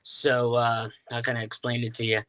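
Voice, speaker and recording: In a completely flat, slightly bright mid-range voice at a moderate pace, a New York–accented man from Staten Island recounts stories. He's a UFO sky watcher being interviewed casually, and he fills his talk with fillers and restarts.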